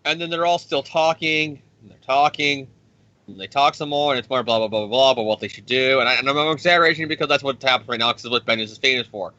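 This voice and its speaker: A man co-hosting a podcast, recapping a comic book in a rambling, profane, excitable way. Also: medium pitch, fast talker, dry recording. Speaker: podcast co-host. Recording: dry, dull lo-fi sound.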